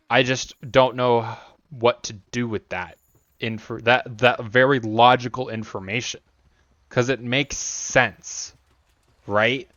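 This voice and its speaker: A man chatting loosely with his stream while he plays, wandering from thought to thought with a joking, bantering tone. His pitch sits in an ordinary middle range. The audio is dull and a bit lo-fi. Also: steady tone, slow, a bit bright, no room sound. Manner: rambling, joking, talks to chat and scolds the monster. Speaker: game streamer. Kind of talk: casual live-stream chat while playing.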